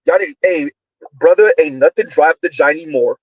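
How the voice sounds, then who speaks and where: High-voiced man shouting heated commentary. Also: moderate pace, dry recording, muffled recording. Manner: loud, emphatic, often shouting; slangy, repetitive, rhetorical questions. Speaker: online commentator.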